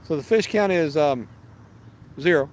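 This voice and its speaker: A man's voice: a little high, measured pace. A man, hosting a fishing livestream outdoors and chatting casually, rambling and restarting as he reads viewer messages. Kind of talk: casual live-stream chat. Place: outdoors at a park lake.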